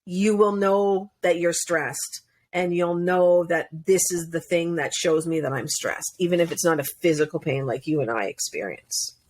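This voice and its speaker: A woman's voice: on the low side, moderate pace, a little mellow, slight background noise. Woman coach explaining in casual chat. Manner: earnest, explanatory, laughs often. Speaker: podcast guest, coach.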